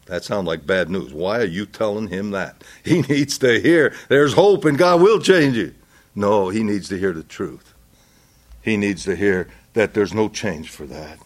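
A man preaching a sermon, deliberate and earnest, building to impassioned pleading. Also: lowish voice, animated.

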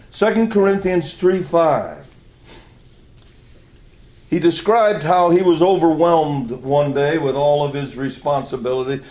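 A man's voice: fairly high pitch, darkish tone. A male preacher delivering a sermon, telling a story with emphatic, storytelling delivery. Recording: echoey church hall.

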